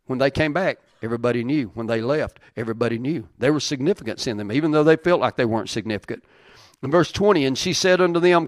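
A man's voice: mid-range voice, fast talker, no echo, clean studio sound. A man preaching a sermon, reading old-style scripture aloud and repeating key lines for emphasis.

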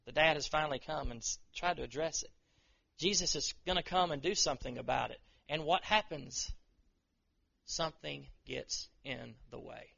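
A man's voice: on the high side, moderate pace, creaky, pushed and bright, husky, highs cut off. A man preaching a sermon in a conversational way, acting out people's inner voices as he goes. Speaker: pastor.

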